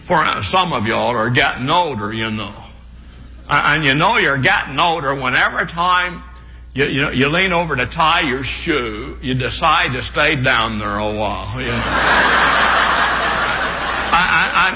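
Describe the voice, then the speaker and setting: A man doing energetic stand-up comedy, stammering and laughing at his own jokes. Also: mid-range voice, a little slow, a little hiss or hum. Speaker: comedian and preacher. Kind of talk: live stand-up comedy with impressions. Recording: long hall reverb, faint ambience.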